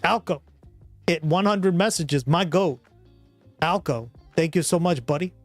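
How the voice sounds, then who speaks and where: A man's voice: fairly high pitch, measured pace, no room sound, faint music behind. A man hosting a livestream, chatting casually with a rambling, profane manner and frequent laughter. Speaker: livestream host. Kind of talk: casual chat.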